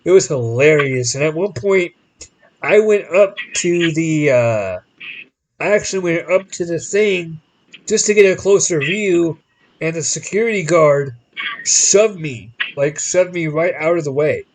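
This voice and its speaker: Animated male podcast host telling stories. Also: on the high side, a little slow, slight background noise, low-quality recording. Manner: animated, acts out quoted people in different voices; rambling with frequent restarts. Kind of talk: casual storytelling chat.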